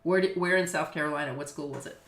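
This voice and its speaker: A middle-aged woman from Los Angeles, United States, who teaches business law chats casually on a video call, full of fillers and easy laughter. Her voice is deep and fairly bright, and she talks fast. The room sounds echoey.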